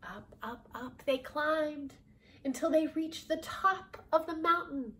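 A woman's voice: high voice, takes it slowly, sharp tone. A woman reading a children's storybook aloud, adding laughing asides to her listeners. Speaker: storybook reader.

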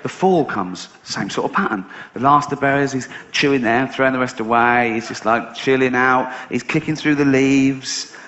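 A man's voice: medium pitch, moderate pace, few pauses, fairly bright tone, highs cut off, slight background noise. A middle-aged man doing a stand-up routine, telling a story sardonically and swearing casually. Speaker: stand-up comedian. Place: live stage show.

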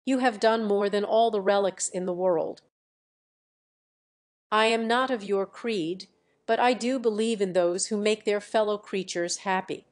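Woman reading old man, blunt and earnest, slow storybook delivery. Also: mid-range voice, natural voice.

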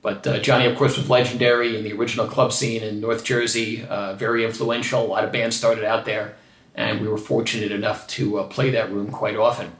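A man's voice: fairly low pitch, little pitch movement, brisk, a bit bright, reverberant. Man fondly recalling a club scene. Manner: earnest reminiscing. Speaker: band member. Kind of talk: documentary interview.

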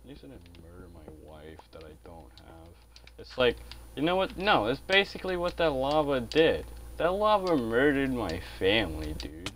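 A man's voice: medium pitch, huge pitch swings, normal speed, a bit bright, a little hiss or hum. A man giving casual gameplay commentary as a channel host, grumbling, swearing a lot and saying dude.

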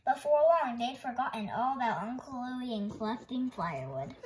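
A woman hosting storytime, reading a picture book aloud in a gentle, expressive way. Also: fairly high pitch, normal speed, noisy background. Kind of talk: children's read-aloud narration.

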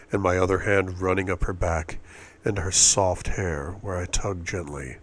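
A man reading a novel aloud in first person, often murmured and intimate. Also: low-pitched. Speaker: audiobook reader.

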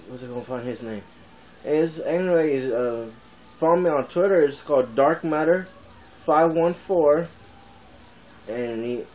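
Twenties male vlogger, unhurried rambling chat, light room hiss. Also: medium pitch, a little mellow, rough recording. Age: 20s. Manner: rambling, laughs often, repeats himself. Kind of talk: casual rambling vlog.

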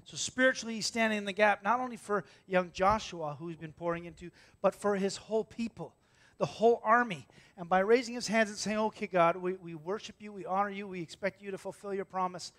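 A man with a fairly high voice preaches from a church pulpit. He tells stories with energy, acting out the characters' lines. He drops to near whispers for tender moments and rises for big ones. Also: brisk. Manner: animated storytelling, acting out voices, swinging from loud to hushed. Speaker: pastor. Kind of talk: sermon.

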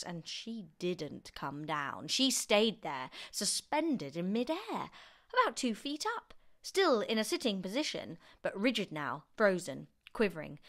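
A woman reading a children's book aloud as an expressive storyteller. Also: mid-range voice. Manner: expressive, animated narration.

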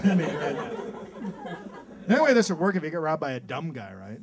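A male stand-up comedian performing a routine on a club stage, mixing deadpan setups with acted-out voices. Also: a little high, fast talker. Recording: live club set with loud crowd laughter.

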